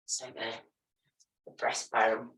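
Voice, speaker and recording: Woman yoga teacher, low voice, calm step by step cues, distant echoey room. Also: slow pace. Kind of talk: guiding a yoga class.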